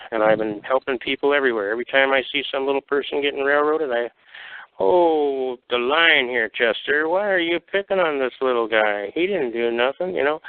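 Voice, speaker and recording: A man's voice: mid-range voice, smooth, no echo. An older man from the Detroit area telling folksy, blunt war stories on a call-in show. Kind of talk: casual storytelling. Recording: tinny phone line.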